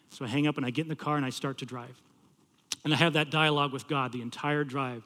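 A man preaching a sermon as a campus pastor, telling a story and swinging between loud pleading and hushed, low passages. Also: fairly even intonation, fast talker, long reverb tail.

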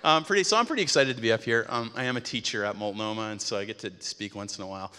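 Middle-aged man, guest preacher; casual, chatty storytelling delivery with a bright, forceful tone; church hall with a long reverb tail. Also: lowish voice, very fast, clean tone. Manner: casual, storytelling, animated quoting of himself. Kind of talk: conversational sermon with anecdotes. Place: church sanctuary. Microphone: stage microphone.

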